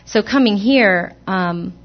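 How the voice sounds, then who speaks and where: A woman's voice: medium pitch, takes it slowly, highs cut off. A woman telling the congregation her personal testimony in a church, hesitant and earnest, with many restarts. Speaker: church member giving testimony. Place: church sanctuary.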